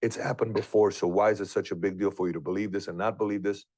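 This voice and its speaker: A man's voice: on the low side, fairly even intonation, fast talker, a little mellow, no room sound. A man in his thirties earnestly telling a personal story, full of questions and doubt. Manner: earnest, questioning, rambling delivery. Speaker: guest sharing a personal story.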